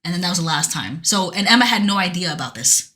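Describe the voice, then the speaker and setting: A woman with a bright, crisp voice talks through a game's plot as a podcast co-host. She rambles earnestly, stopping and restarting her sentences often. It is relaxed, casual chat. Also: fairly low pitch, quick pace. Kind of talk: casual chat recapping a video game story.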